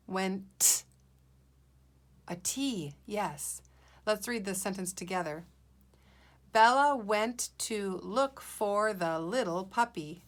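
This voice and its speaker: A woman teacher leading a guided reading lesson for young children, patient and encouraging, sounding out letters and words. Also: medium pitch.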